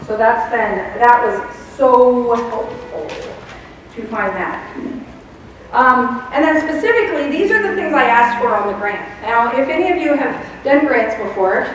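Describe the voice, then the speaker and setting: A woman's voice: fairly high pitch, a little slow. A woman with a slightly raised voice talks to a room in a chatty, rambling way, laughing at herself as she goes. She is picked up from far off in a big hall, with long reverb and faint noise behind her. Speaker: teacher librarian presenting. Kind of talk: conference presentation.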